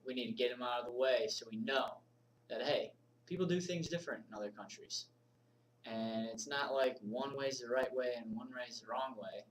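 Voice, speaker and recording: A man from the United States teaching a casual video lesson, informal and energetic, moving around and gesturing as he talks. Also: mid-range voice, far from the mic, a little hiss or hum, low-quality recording. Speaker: body language instructor.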